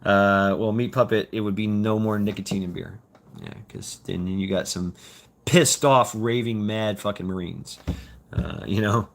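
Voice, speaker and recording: A man in his fifties, reading chat as a livestream host, rambles casually in a lowish voice with a steady tone and a slightly slow pace. He curses freely, repeats words, stumbles and restarts often.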